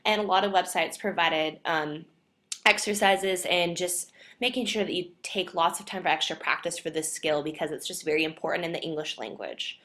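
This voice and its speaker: A young woman with a lowish voice gives an earnest class presentation. She explains each point carefully and keeps leaning on the word "definitely". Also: steady tone, moderate pace, a bit bright. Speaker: student presenter.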